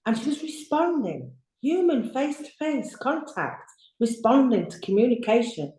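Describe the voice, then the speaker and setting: Woman, nurse guest. Chatty and animated storyteller, warm low-key tone, echoey video-call sound. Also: moderate pace. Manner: lively, chatty, acts out her own quotes.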